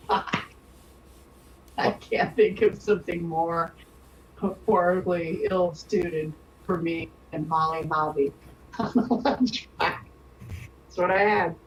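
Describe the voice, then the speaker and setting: A woman chatting wryly on a video call, dragging out her words. Her voice sits low and sounds far from the mic, with a faint hiss. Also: fairly even intonation, slow, pauses often.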